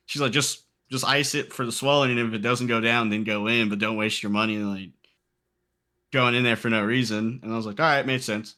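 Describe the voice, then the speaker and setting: A man in his late twenties with a bright, forward tone, telling a story in a loose, casual podcast chat. He is animated and slips into the other people's voices when he quotes them. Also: medium pitch, fast. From Texas. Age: late 20s. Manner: animated, acts out quotes in character. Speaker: podcast guest.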